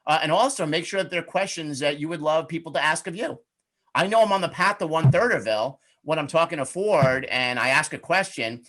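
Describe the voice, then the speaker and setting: A man's voice: fairly high pitch, fairly bright tone. A middle-aged man giving a webinar on networking, talking in a chatty, upbeat way and acting out sample questions. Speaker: webinar presenter, networking coach. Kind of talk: conversational webinar talk.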